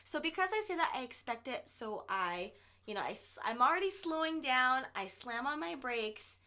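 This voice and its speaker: A woman co-hosting a podcast, telling a story in animated casual chat with plenty of swearing. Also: high voice, moderate pace. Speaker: podcast co-host.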